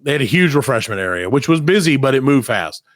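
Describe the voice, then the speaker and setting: Profane storytelling dad, dry close sound. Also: male voice, medium pitch, fast talker, no room sound. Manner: profane, animated anecdote-telling with quoted voices. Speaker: podcast co-host. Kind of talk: casual comedic storytelling.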